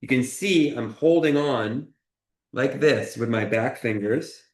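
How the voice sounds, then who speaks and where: A man's voice: mid-range voice, slow, roomy sound. A man chef teaching a cooking lesson, talking through each cut in an encouraging way and often checking in with "okay?". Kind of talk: cooking demonstration. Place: kitchen.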